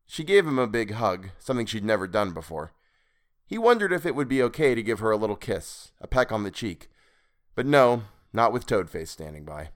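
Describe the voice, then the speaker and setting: Low, smooth, expressive male storyteller. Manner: measured, expressive reading. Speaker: podcast reader. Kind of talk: scripted story narration.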